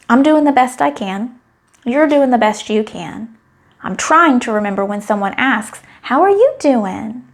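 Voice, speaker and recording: A middle-aged woman talking to camera in a candid, wry and emotionally open personal monologue. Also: medium pitch. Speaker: vlogger.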